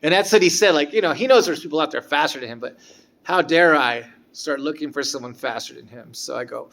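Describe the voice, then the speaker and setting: A man telling a casual personal story about a former guitar teacher, halting and restarting as he goes. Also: fairly high pitch, fairly bright tone. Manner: rambling, halting, with frequent restarts.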